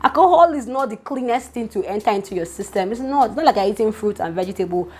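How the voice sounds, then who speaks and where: A woman's voice: medium pitch, lively intonation, fast, darkish tone, slightly rough. A young woman with a Nigerian accent, chatting animatedly to her viewers about celebrity gossip. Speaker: vlogger. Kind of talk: casual gossip commentary.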